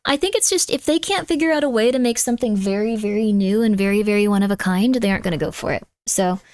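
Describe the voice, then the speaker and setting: A woman's voice: mid-range voice, fast, a little mellow, dry recording. A woman streamer chatting casually with her viewers. She coos baby talk at her cat and makes playful, over-the-top mock threats. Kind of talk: casual live-stream chat.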